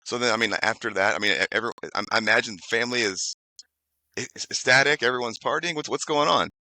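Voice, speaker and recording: A man's voice: mid-range voice, fast talker, sharp tone, no echo, poor audio. A man hosting a casual interview, asking questions with stammering restarts and giving short encouraging replies. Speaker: podcast host, interviewer.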